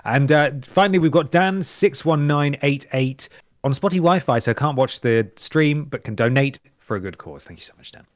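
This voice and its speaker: A British man at a middle pitch, chatting wryly and rambling on a charity livestream, swearing now and then. His voice sounds close and dry, with almost no room around it. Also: animated, moderate pace, no room sound. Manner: wry, rambling, swears casually. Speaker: stream co-host. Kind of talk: casual charity stream chat.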